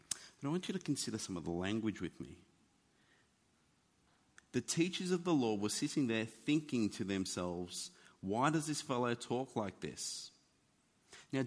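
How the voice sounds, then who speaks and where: A man preaching a sermon in an animated, conversational teaching manner. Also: mid-range voice. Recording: long hall reverb.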